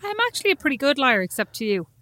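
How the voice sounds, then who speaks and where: A woman's voice: sits high, big pitch swings, racing, sharp tone. A woman with a slight lisp, co-hosting a podcast in rambling, self-mocking casual chat. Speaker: podcast co-host.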